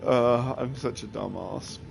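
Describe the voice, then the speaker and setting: A man's voice: medium pitch, takes it slowly, gravelly, slight background noise. Chatty laughing male streamer. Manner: rambling, laughs often, lots of fillers. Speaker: live streamer. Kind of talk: casual chat with viewers. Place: at his computer.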